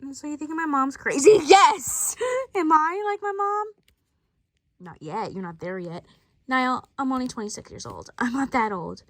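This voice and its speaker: With big pitch swings in a voice that sits high, a woman performs a family skit at a moderate pace, trading off among lots of character voices in playful role-play. The recording is dry and studio quality.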